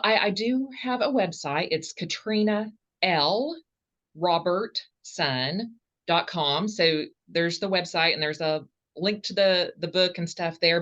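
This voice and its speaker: A woman's voice: fairly low pitch, a bit bright. A woman with a Southern accent speaking earnestly as a podcast guest, often stopping and restarting her phrases. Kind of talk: casual interview answers.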